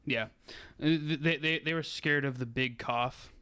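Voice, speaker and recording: A man's voice: medium pitch, measured pace, sharp tone, smooth. Young man in a rambling casual chat. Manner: rambling, with fillers and wry jokes. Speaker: podcast co-host.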